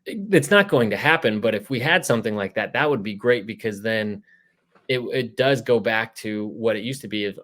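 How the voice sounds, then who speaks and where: A man hosting a casual sports interview podcast, talking in a relaxed, rambling way with lots of fillers. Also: on the low side, fairly quick. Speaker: podcast host.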